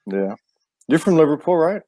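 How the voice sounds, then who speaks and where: A man's voice: on the high side, big pitch swings, moderate pace, mellow, no echo. Easygoing male live-show host. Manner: easygoing, teasing, stumbles and restarts. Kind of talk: casual live-stream hosting.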